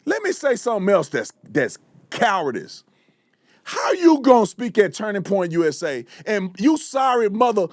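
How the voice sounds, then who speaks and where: A man hosting a live commentary show, delivering a fiery, repetitive rant that sometimes breaks into shouting. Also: sits high, huge pitch swings, normal speed, dry recording, studio quality. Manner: fiery, ranting, repeats himself, shouts at times. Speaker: show host. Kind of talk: heated live political commentary.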